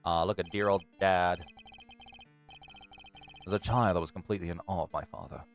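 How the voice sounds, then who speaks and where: A man voicing a composed, formal male prosecutor in a subdued, low reading voice. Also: steady tone, moderate pace, faint music behind, close to an everyday voice. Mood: reflective.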